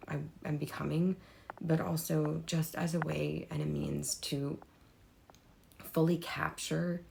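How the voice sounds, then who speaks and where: A woman's voice: low voice, vocal fry, warm tone, slight background noise. A young woman who has nearly lost her voice, talking unscripted to camera as an artist vlogger, rambling with many fillers and slipping into whispers. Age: young adult. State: losing her voice, hoarse.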